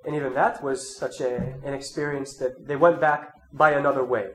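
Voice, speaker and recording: A man with a cold and a nasal, congested voice, reading scripture and then giving a measured, reflective sermon talk. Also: medium pitch, steady tone, faint music behind. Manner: measured, reflective, with soft asides. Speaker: preacher leading an Advent talk series. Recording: roomy echo, faint ambient noise.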